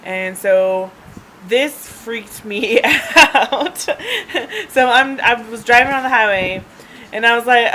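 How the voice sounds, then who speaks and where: A woman vlogger with a slightly high voice tells a personal story slowly, sounding pushed and bright, rambling and chatting with frequent laughs, ums, and restarts. It was recorded on a handheld device's camera mic, and the poor audio carries a faint hiss or hum.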